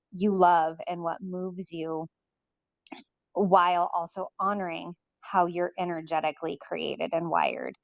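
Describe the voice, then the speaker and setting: A woman guest in an online audio room, speaking gently and earnestly with frequent ums. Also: on the low side, dry recording. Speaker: listener joining the stage. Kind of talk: casual chat.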